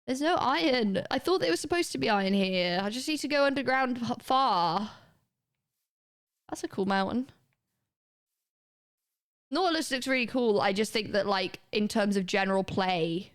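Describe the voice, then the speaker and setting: A woman, chatting casually and rambling as she streams a game, swearing now and then. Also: medium pitch. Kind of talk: casual gaming commentary.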